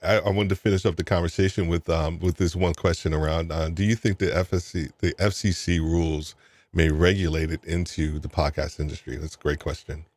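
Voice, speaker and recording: A man hosting an interview podcast in a very low, deep voice. He talks casually and rambles, repeating words as he builds his point. The sound is dry and close, with no room echo. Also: steady tone, brisk, a little mellow. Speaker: podcast host.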